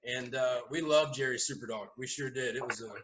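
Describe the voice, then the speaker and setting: Animated man telling a story. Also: mid-range voice, a little fast, low-quality recording. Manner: animated storyteller, swears and laughs. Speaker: host. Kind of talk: casual storytelling chat.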